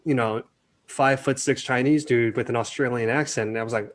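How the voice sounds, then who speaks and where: A man being interviewed as a film director, talking casually and acting out quotes in animated stories. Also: medium pitch, fairly quick. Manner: animated storyteller, acts out quotes.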